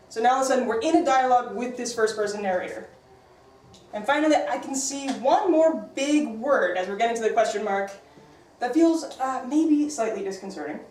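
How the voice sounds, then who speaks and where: A woman English teacher leads her class, brisk and upbeat as she fires questions at her students. Her voice sits a little high. She is picked up from across an echoey classroom with a faint hiss underneath. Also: a little mellow, distant mic.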